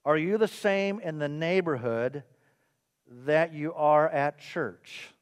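A pastor preaches in a higher-pitched man's voice to a church. He fires questions at his listeners and chats with them, and he pokes fun at himself. A long reverb of the hall follows him. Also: slow. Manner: questioning, conversational, self-mocking. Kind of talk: sermon.

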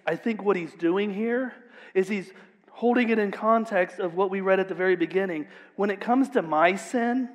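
A man preaching a sermon as pastor, retelling a parable in an emphatic, conversational storytelling way. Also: sits high. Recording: long hall reverb.

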